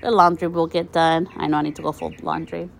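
A woman in her thirties with a somewhat low voice chats to her listeners in a relaxed, encouraging podcast monologue. She records outdoors by her country house. Faint birdsong and outdoor ambience sit behind her voice. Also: brisk, gravelly, a little hiss or hum. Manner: warm, chatty, encouraging, addresses listeners as "you guys". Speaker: podcast host.

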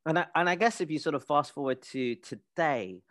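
A man's voice: a little high, expressive, brisk, a bit bright, no echo. A man interviewing a guest, asking long, winding questions.

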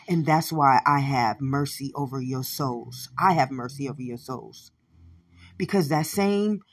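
A woman delivering a profane, repetitive monologue, shouting at times and muttering low at others. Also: husky. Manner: swears constantly, repeats phrases, swings from shouting to low mutters.

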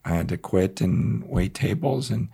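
A middle-aged man speaking as a guest pastor in an interview, earnest and halting with emphatic bursts. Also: low voice, vocal fry, mellow, husky. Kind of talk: reflective interview talk.

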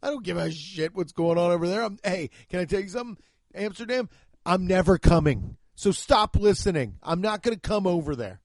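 A man hosts his own podcast, swearing freely and rambling from one rant to the next. His voice sits a little high for a man and sounds dry and close to the mic. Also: lively intonation, a little fast, no echo. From United States. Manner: profane, rambling, ranting. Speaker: podcast host. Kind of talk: solo comedic podcast rant.

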